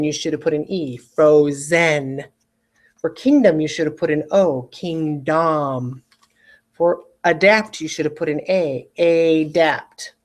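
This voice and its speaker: With a slightly mellow, medium-pitched voice, an adult teacher leads a recorded spelling lesson on video, patiently saying every word twice and pausing to check on the students.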